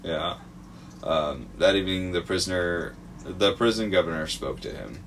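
A man's voice: sits low, moderate pace, a bit bright. A man co-hosting a podcast, presenting a true crime report in casual chat, hesitant and full of fillers, swearing freely.

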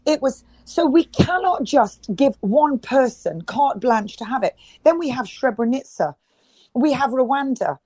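A woman's voice: high-pitched, animated, measured pace, a little mellow, husky, dry recording, poor audio. A middle-aged woman talking as an interview guest, emphatic and repeating herself as she restarts her sentences. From United Kingdom. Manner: emphatic, many restarts and repetitions. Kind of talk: impassioned interview talk.

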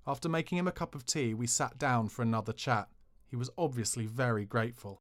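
A man reads a comic memoir aloud for a podcast. His delivery is dry and cheeky, in a mid-pitched voice. He sounds like he is enjoying the mischief. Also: fairly quick, hardly any pauses. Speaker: podcast narrator.

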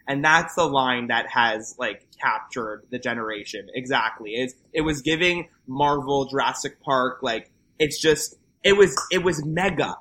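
A man from Montreal, a guest on a comedy podcast, chatting in an animated, campy way and jumping into high voices when he quotes people. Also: measured pace, low-quality recording. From Montreal, Canada. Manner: animated, camp, jumps into high quoting voices. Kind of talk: casual comedic chat.

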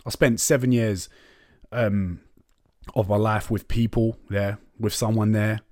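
This young podcast host speaks in a low, level, darkish voice at a measured pace while telling a personal story. He's candid and chatty, swears, and throws in "innit, man" during the casual monologue. There's no echo, and the studio sound is clean.

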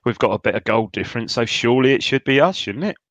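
A man's voice: mid-range voice, expressive, fast, fairly bright tone, no echo. A man co-hosting a casual football chat, enthusiastic but hesitant, with many ums. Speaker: podcast co-host.

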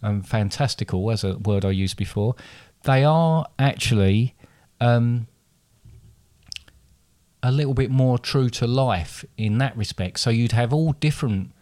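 Brief: male podcast host, mid pitch, rambling explainer, dry close mic. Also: measured pace, a little mellow, no room sound. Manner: rambling, self-correcting, chatty. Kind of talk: casual podcast chat.

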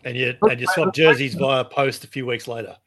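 A man's voice: mid-range voice, a little fast, sharp tone. A man co-hosting a casual podcast, cracking playful jokes. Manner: joking, playful. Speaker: podcast co-host.

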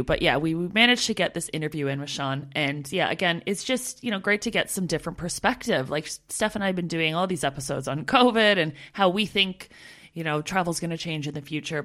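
A woman's voice: low-pitched, a bit bright. A woman in her thirties from Canada, co-hosting a podcast in casual, chatty talk with frequent laughs. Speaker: podcast co-host. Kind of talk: casual chat.

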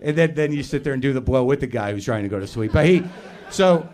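A man's voice: medium pitch, animated, quick pace, hardly any pauses, a little mellow. A man hosting a live show, telling a meandering, self-deprecating, profane stand-up story on a theater stage into a stage microphone. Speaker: podcast host doing stand-up.

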